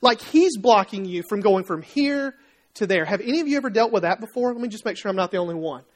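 Animated man preaching a sermon. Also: high-pitched, fast talker. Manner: animated storytelling, acting out quoted voices; conversational, asks the congregation questions. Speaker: pastor.

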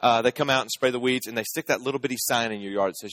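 A man's voice: mid-range voice, very fast, fairly bright tone, no room sound. A man in his thirties preaching a sermon, telling family stories in a conversational, humorous way and asking the audience questions. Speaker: pastor.

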